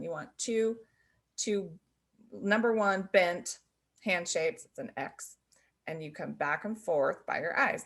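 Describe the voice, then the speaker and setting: Soft-spoken woman teacher with a gravelly edge. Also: on the low side. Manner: gentle, laughs softly between points. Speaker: sign language teacher. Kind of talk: explaining to learners on camera.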